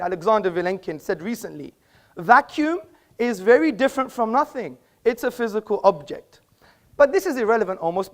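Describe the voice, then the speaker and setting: Man debater on stage, emphatic and rhetorical, live hall speech. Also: very high voice. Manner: emphatic, rhetorical, addresses the audience. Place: auditorium with an audience.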